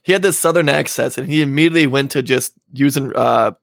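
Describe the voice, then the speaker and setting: A man's voice: mid-range voice, fast talker, creaky, no room sound, studio quality. A man co-hosting a casual podcast chat, brash and profane, laughing as he tells stories. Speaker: podcast co-host.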